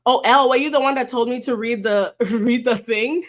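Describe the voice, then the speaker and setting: A woman's voice: fairly high pitch, normal speed. A woman talking straight to her viewers in a loose, casual livestream. She is chatty and blunt, curses without a second thought, and slips Spanish terms of affection into her thanks. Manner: chatty, blunt, swears freely, mixes in Spanish endearments.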